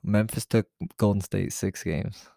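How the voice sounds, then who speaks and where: Playful man with a gravelly voice. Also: fairly low pitch, fairly even intonation, a little slow, dark tone, dry recording, clean studio sound. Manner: playful, acts out quoted voices. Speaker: podcast co-host. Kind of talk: casual chat.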